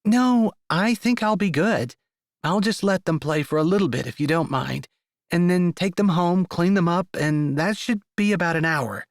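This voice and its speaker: A man voicing a gentle young mother. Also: high-pitched, normal speed, no echo, studio quality, voice pushed up. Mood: warm, practical.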